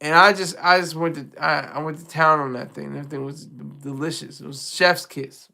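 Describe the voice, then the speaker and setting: Live host, casual rambling chat, bright forceful tone, lots of restarts and laughs. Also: mid-range voice, fairly even intonation, moderate pace, vocal fry. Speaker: livestream host.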